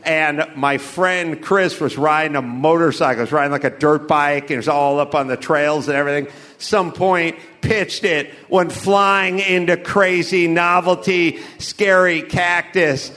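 High, bright-voiced rambling male comic. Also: a little slow, few pauses. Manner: rambling, crude, deadpan jokes with laughs. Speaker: comedian. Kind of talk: loose stand-up storytelling.

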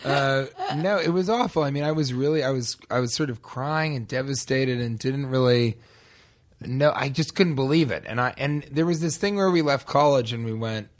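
A man with a middle-pitched voice in a loose podcast chat. He is a comedian spinning a rambling story and slipping into quick voices for the people in it. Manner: rambling anecdote, acting out other people's lines.

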